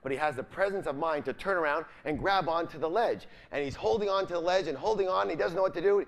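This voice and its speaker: Fast and fairly high-pitched with vocal fry, a man leads a live seminar with upbeat energy. He keeps asking the audience questions and leaves the ends of his sentences for them to complete.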